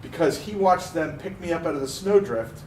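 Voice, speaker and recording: A man from Pennsylvania, co-hosting a car podcast, telling a story in a casual, animated way and acting out the voices he quotes. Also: a little high, moderate pace. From Pennsylvania, USA. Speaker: podcast co-host. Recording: roomy, distant mic with faint noise.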